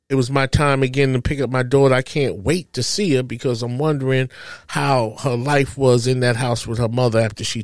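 A man's voice: medium pitch, no echo. Man telling an emotional personal story. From New Jersey. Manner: emotional, animated retelling with quoted dialogue. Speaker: podcast storyteller.

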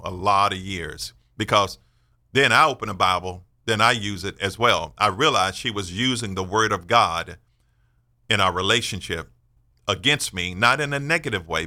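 Forceful, earnest man in his sixties. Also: on the low side. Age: 60s. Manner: earnest, emphatic, personal testimony. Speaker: radio show host. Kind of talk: faith-based radio talk, sermon-like.

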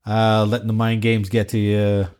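A man's voice: lowish voice, monotone, normal speed, darkish tone, clear, resonant tone. Laid-back man asking interview questions. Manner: brief affirming interjections and questions. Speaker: podcast host interviewing a veteran. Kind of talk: casual interview.

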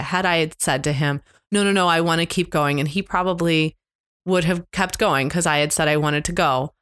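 A middle-aged woman co-hosting a podcast, candidly retelling a stressful family road trip in a halting, emotional way. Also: lowish voice, a bit bright, dry recording, studio quality. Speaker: podcast co-host. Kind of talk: casual storytelling chat. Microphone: close podcast mic.

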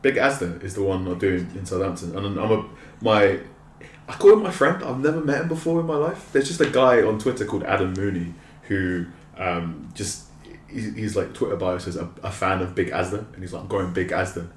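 Low-voiced rambling man, roomy sound. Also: brisk. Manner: rambling, self-mocking, laughs often. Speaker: podcast co-host. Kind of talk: casual chat. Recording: roomy echo.

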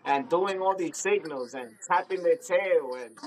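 Excitable man telling a wild story. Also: fairly high pitch, measured pace, low-quality recording. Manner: excitable, laughing, acts out dialogue. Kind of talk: animated anecdote, quoting others. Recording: crowd noise behind.

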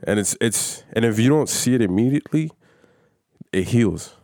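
A man's voice: medium pitch, expressive, moderate pace, warm tone, no room sound, clean studio sound. A man telling stories in casual podcast chat, slangy and full of swearing. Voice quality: heavy swearing, loose slangy storytelling.

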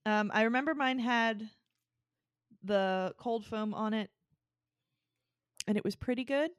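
A woman's voice: fairly high pitch, measured pace, clean tone, no echo, studio quality. A woman co-hosting a casual podcast chat, easygoing and giggly. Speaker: podcast co-host.

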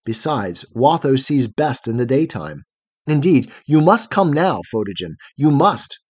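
A man doing a gentle, soothing night girl. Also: mid-range voice, very animated, unhurried, breathy edge, no room sound. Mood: urgent. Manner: soothing, earnest pleading.

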